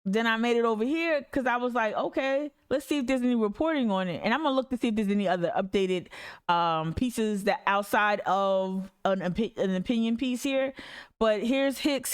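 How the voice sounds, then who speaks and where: A woman with a clear, resonant, mid-range voice hosts an activist podcast. She reads articles aloud and breaks off into profane, fired-up rants in the style of casual livestream commentary.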